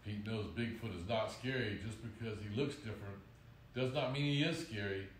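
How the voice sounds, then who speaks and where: A man reading children's picture books aloud in a slow, gentle storytelling manner, recorded in a roomy space. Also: lowish voice, recorded from a distance, slight background noise. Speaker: mayor reading stories to children.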